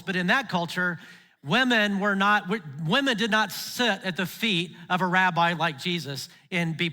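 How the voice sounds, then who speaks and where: Man preaching, high bright voice, chatty storyteller, hall echo behind. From Alabama, US South. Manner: conversational storytelling, acts out Bible characters. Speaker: pastor. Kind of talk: sermon. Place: large church auditorium.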